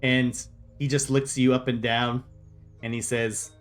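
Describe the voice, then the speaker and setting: A man's voice: medium pitch, little pitch movement, unhurried, faint music behind. A man narrating a tabletop game as game master in a loose, chuckling way with many fillers.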